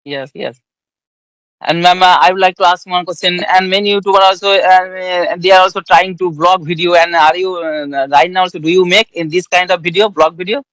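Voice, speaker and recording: A man's voice: sits high, steady tone, fairly quick, a bit bright, no echo, rough recording. A man with an Indian accent interviewing a guest in casual English practice, hesitant with many fillers and restarts.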